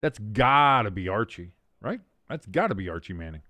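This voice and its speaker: A man hosting a live watch-along stream, calling the plays casually and jumping sharply in pitch and volume on big moments. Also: sing-song, moderate pace, sharp tone, no echo. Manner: mumbles and scats to himself while thinking. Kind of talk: casual live play-by-play commentary.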